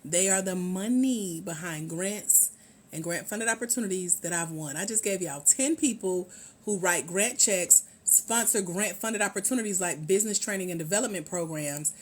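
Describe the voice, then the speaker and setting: A woman hosting a casual livestream about grants, talking chattily and greeting viewers by name. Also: fairly low pitch. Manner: lively, chatty, drawn-out repetition, calls out viewers by name. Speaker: livestream host, grants mentor.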